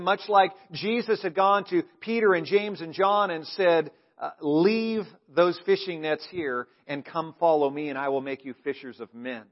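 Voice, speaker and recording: Emphatic male pastor preaching, lo-fi sound. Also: sits high. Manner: call-and-response with congregation, emphatic, drops to quiet asides. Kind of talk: sermon. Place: church sanctuary.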